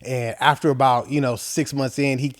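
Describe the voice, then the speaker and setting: A man's voice: medium pitch, normal speed, no room sound. Laid-back man hosting a podcast. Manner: friendly, relaxed, uses slang like "man". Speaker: podcast host. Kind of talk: casual interview chat.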